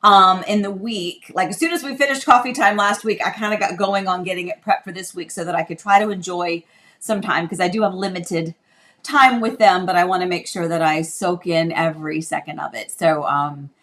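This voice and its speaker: A middle-aged woman hosting a casual livestream from her home office desk, chatty and quick to laugh. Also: on the low side, fairly even intonation, fairly bright tone. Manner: chatty, laughs often, coos to a toddler. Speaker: livestream host.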